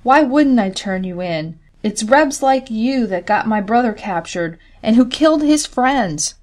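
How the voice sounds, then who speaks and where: A woman's voice: fairly high pitch, animated, unhurried, a little mellow, pitched above the performer's own voice. A woman voicing a stern young farm girl giving firm orders, in an audiobook. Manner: firm, commanding.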